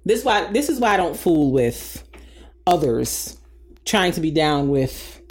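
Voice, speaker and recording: A woman co-hosting a casual chat show, sassy and animated, rattling off opinions with mocking quoted asides. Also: low voice, slow. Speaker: podcast co-host.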